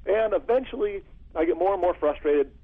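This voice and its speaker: A man working as a security consultant, telling stories in an interview in an animated way and acting out phone calls. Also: high voice, fairly quick. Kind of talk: storytelling interview answer. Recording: phone-like lo-fi audio.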